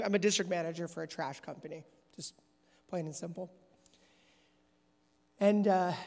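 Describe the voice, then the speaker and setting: A man's voice: high voice, vocal fry, a little mellow. A man preaching a sermon in a church, earnest and storytelling, with frequent restarts. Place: church sanctuary. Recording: echoey church hall.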